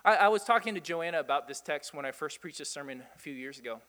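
High-voiced male pastor preaching. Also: fast talker, big-room sound. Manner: animated, rhetorical questions, chuckles often. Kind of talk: sermon.

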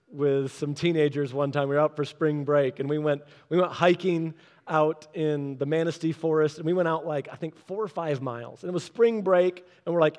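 A man preaching, telling a story in an animated way and acting out the quoted people in changed voices. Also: fairly high pitch. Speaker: pastor. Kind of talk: storytelling sermon. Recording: long hall reverb.

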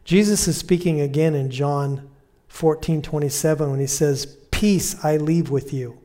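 A man preaching a conversational sermon, repeating key phrases and slowing down to quote Scripture softly. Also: a little high, steady tone. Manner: slows and softens when quoting Scripture.

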